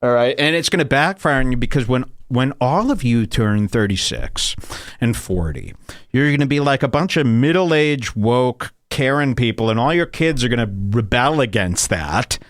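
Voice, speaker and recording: A man's voice: medium pitch, very animated, normal speed, dry recording, clean studio sound. A man hosting a comedy podcast, ranting in a crude, emphatic way. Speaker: podcast host. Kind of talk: comedic rant.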